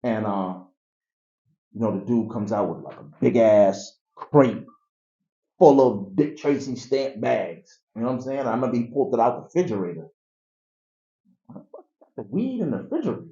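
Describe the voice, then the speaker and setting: A man telling his life story in a casual interview, animated and acting out the people in it. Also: medium pitch, moderate pace. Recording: echoey, dull room recording.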